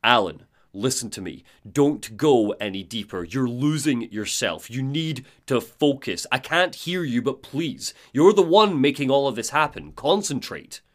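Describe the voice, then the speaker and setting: A man voicing a mysterious figure who urgently warns a writer in a low, pleading tone. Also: big pitch swings, unhurried, few pauses.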